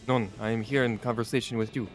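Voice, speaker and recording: A portly French sleuth holds forth with slow, self-important grandeur in a put-on French accent, as a man voices him for a game. The voice sits at a middling pitch, and faint game music plays beneath it. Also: fairly even intonation, natural voice. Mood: pompous.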